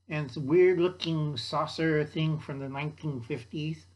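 Old guy rambling thru his movie notes, kinda high voice, keeps losing his place. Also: steady tone, moderate pace, a little mellow, poor audio. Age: older. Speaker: YouTube host.

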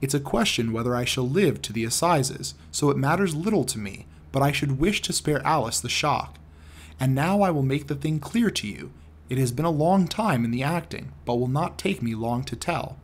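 A man voicing a grave old man near the end of his life, pouring out an earnest confession in a heavy, weary tone. The voice is husky and low in clarity, with a steady storybook-reading delivery. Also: moderate pace. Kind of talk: audiobook character reading.

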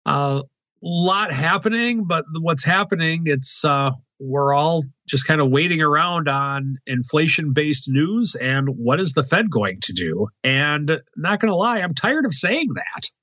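A man's voice: a little high, animated, measured pace, bright, forceful tone, no echo. A man co-hosting a market podcast, talking casually and hesitantly with frequent fillers. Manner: hesitant, many fillers and restarts. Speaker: co-host, wealth manager. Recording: dull dry remote line.

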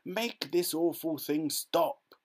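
A man's voice: medium pitch, extremely slow, fairly bright tone. A man voicing a sweaty, blustering, grumpy father who demands and complains in a storybook. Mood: agitated.

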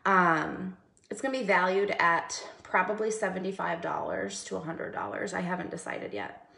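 A woman's voice: on the low side, normal speed, gravelly, bright, forceful tone, echoey room. A woman hosting a casual makeup livestream, chatty and greeting viewers by name.

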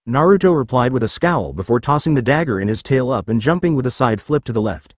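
A man reading a fan story aloud as scripted narration, with an expressive delivery. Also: medium pitch, fast, few pauses, dry recording. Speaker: story reader.

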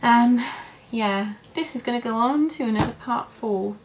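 A young woman telling her birth story in a vlog, halting and emotional, with many fillers and restarts. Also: fairly high pitch, background noise. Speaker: vlogger. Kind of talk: personal birth story, casual.

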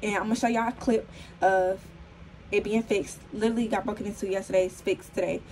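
A young woman in her twenties, slightly hoarse, chatting casually to the camera in a vlog filmed on her phone at home, full of fillers and calling viewers y'all. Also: mid-range voice, steady tone, quick pace, darkish tone, slight background noise, low-quality recording. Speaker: vlogger.

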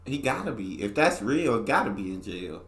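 A man's voice: mid-range voice, big pitch swings, normal speed, a bit bright. A young man hosting a reaction video, chatting in a loose, slangy way full of exclamations. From United States. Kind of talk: casual reaction chat. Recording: roomy echo.

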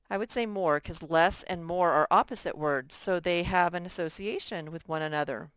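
A woman's voice: fairly low pitch, moderate pace, few pauses, fairly bright tone, smooth, dry recording. A woman teaching a first-grade workbook lesson, patiently sounding out words for young children.

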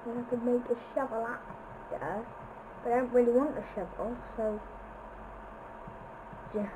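A woman giving silly, goofy commentary over her own gameplay, chanting nonsense phrases and breaking into sudden shouts. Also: on the high side, noisy background. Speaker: gameplay video maker.

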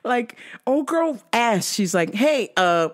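Comedy podcast host: man, unhurried, swinging pitch, swears a lot, cracks himself up. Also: sing-song, a bit bright. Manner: profane, laughing often, storytelling. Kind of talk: casual comedic monologue.

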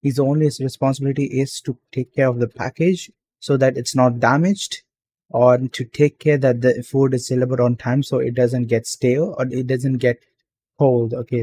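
Young man, angry reaction commentary, profane rant, mellow tone. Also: medium pitch, level tone, normal speed. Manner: ranting, profane, exasperated.

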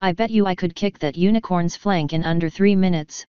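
A woman reading a bold, scheming male prisoner who bargains calmly, in a dull lo-fi recording. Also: fairly low pitch, brisk, smooth, no echo, close to an everyday voice. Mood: bargaining.

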